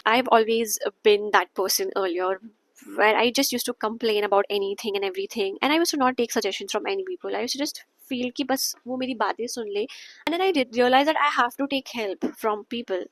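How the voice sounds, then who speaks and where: A woman's voice: fairly high pitch, fast talker, poor audio. A young woman with an Indian English accent talks to camera in an earnest, repetitive way, now and then dropping Hindi phrases into her English. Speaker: wellness vlogger. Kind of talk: casual talk to camera.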